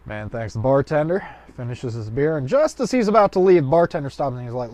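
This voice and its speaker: A man's voice: medium pitch, expressive, fairly quick, hardly any pauses, warm tone, no room sound. A man telling a joke in a loose, colloquial storytelling way with rambling asides. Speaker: joke teller.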